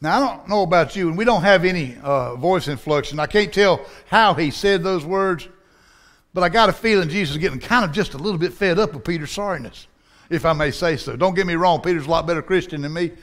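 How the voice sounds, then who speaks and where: A man's voice: a little high, fast talker, a bit bright. A man preaching a sermon with a Southern accent, in a folksy, down-home style. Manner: folksy, preaching with dialect and acted-out voices.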